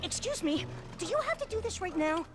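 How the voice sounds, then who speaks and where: A woman's voice: extremely high pitch, sing-song, a little fast. A woman voicing an eager young dragon boy. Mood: fussy. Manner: earnest, fussy, anxious to please. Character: young male baby dragon, eager helper. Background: cartoon music.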